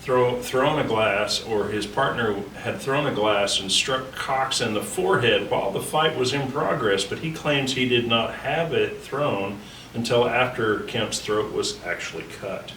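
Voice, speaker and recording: A man's voice: mid-range voice, unhurried, a bit bright. A man in a casual history talk, reading old newspaper articles aloud and prompting his co-host. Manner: prompting, reads clippings aloud. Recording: roomy, distant mic with faint noise.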